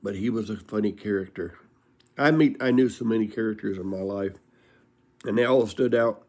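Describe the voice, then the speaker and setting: A man's voice: on the low side, normal speed, a little mellow. An older man telling folksy stories from his life in a casual, rambling way, laughing as he goes. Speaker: storyteller. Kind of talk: casual storytelling.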